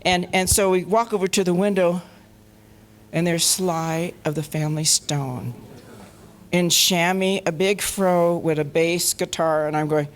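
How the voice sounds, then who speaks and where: A woman from Colorado, a panel guest, telling anecdotes in a lively way, laughing often and acting out the voices of the people she quotes. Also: fairly low pitch, measured pace, a little hiss or hum. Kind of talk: anecdotal storytelling. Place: festival panel stage.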